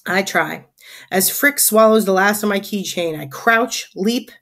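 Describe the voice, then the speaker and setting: A woman teacher reading a children's chapter book aloud to her class in an expressive, animated way. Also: medium pitch, a little slow.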